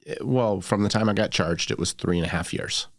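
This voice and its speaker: A man co-hosting a podcast, making calm, reflective remarks. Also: lowish voice, brisk, no room sound, studio quality. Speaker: podcast co-host. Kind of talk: casual chat.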